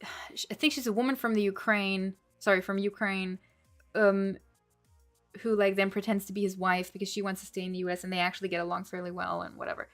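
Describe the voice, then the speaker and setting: A woman's voice: medium pitch, level tone, brisk, faint music behind. A woman, a language-learning streamer, chatting casually on a livestream as she reads and answers viewer comments, laughing often and switching between English and German.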